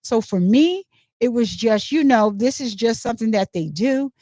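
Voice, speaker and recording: Woman reading as a male court witness: hesitant, plain, slightly high voice, dull dry recording. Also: animated, normal speed, dark tone, no room sound.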